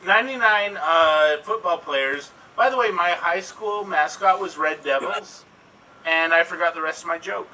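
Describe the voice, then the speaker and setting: A man's voice: high-pitched, normal speed, bright, forceful tone. A man telling terse, offbeat improvised one-liners. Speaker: improv player. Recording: distant mic, faint room noise.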